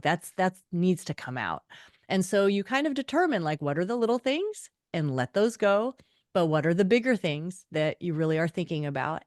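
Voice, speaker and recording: A middle-aged woman author, a guest on a podcast, chatting and telling lively stories, acting out the voices of people she quotes. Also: on the low side, no echo, studio quality. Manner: animated storyteller, acts out quoted voices. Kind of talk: conversational interview.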